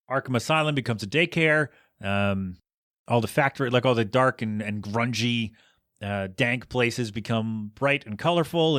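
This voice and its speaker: A man's voice: medium pitch, fairly bright tone, no room sound. A man with a mid-range voice hosts a podcast, recapping a movie in a loose, chatty way. He keeps throwing out rhetorical questions and exasperated asides. His voice sits close to a podcast mic in a dry, dead-sounding space. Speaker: podcast host. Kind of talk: casual movie review.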